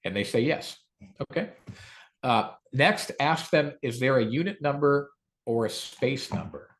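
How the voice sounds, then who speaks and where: A man teaching phone sales, acting out calm rebuttals in a lowered voice. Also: a little slow. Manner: lively, acts out calm low rebuttals. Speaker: sales trainer. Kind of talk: sales training talk.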